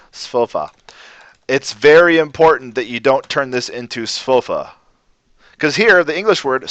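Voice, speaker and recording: A man teaching a language lesson on a livestream, in a relaxed, rambling way, often restarting his sentences. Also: mid-range voice, no room sound. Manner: relaxed, rambling, self-correcting. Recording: dull lo-fi stream audio.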